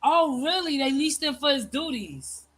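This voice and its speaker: A woman's voice: high-pitched, lively intonation, measured pace, a bit bright. A woman in a casual, chatty conversation, reminiscing with plenty of fillers. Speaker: host. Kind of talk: casual chat.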